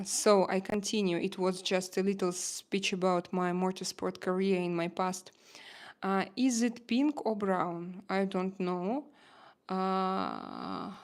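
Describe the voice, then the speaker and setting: A woman's voice: medium pitch, darkish tone. A woman with a Russian accent hosting a casual live stream, chatting and reading viewer comments aloud with many fillers.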